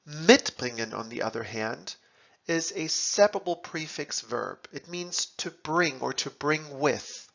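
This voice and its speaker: A man narrating a scripted language lesson, deliberately sounding out German words and their translations, in a dull lo-fi recording. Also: a little high, animated, creaky, a bit bright. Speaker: language teacher.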